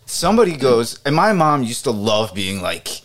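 A man co-hosting a podcast, telling a casual story with animated asides and frequent laughter. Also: medium pitch, normal speed. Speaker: podcast co-host.

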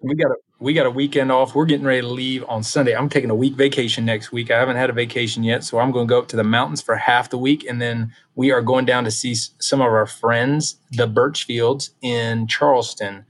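A man co-hosts a casual podcast, reading out quiz questions with an upbeat, encouraging manner. His voice sits at an ordinary middle pitch, and he keeps praising his partner's answers. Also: fairly even intonation, a little fast, few pauses.

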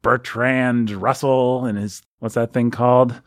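A man's voice: medium pitch, fairly even intonation, measured pace, no echo, clean studio sound. A man hosting a casual book podcast, playful and teasing, wandering into side topics. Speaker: podcast host.

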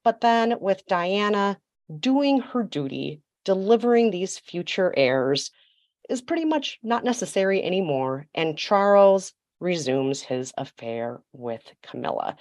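A woman's voice: medium pitch, very animated, unhurried, a little mellow, no room sound. A woman telling a story as a podcast guest, emphatic and sassy, with mocking asides. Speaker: podcast guest, royal commentator. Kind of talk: storytelling chat.

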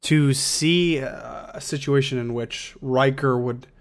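A man's voice: mid-range voice, steady tone, slow pace. A man co-hosting a casual podcast chat, opinionated and building his argument step by step. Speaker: podcast co-host.

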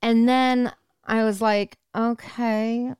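Smooth-voiced woman, sarcastic storyteller. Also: a little high, slow, dry recording, studio quality. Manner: animated retelling, acting out quotes with sarcasm. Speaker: podcast co-host. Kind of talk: casual chat, storytelling.

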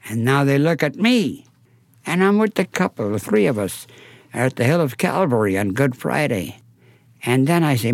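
A man's voice: a little high, lively intonation, moderate pace, creaky, no room sound, clean studio sound. A talkative man telling a story in an archived interview, theatrical and acting out the voices. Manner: theatrical, acts out voices and drops to near silence for effect; talkative, self-described gabby. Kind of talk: animated storytelling.

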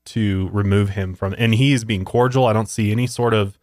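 A man's voice: on the low side, fairly even intonation, a little fast, darkish tone, dry recording, clean studio sound. A man co-hosting a podcast in casual chat, blunt and indignant, swearing freely. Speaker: podcast co-host.

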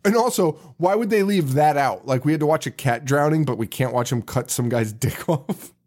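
A man's voice: a little high, moderate pace, darkish tone. A man co-hosting a casual podcast, recapping a horror movie and laughing often as he quotes scenes. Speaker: podcast co-host.

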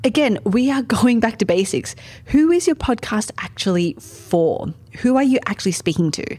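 A woman's voice: fairly high pitch, lively intonation, normal speed, darkish tone, breathy edge. A woman hosting a podcast, talking playfully and directly to the listener between clips. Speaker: podcast host. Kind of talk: scripted commentary.

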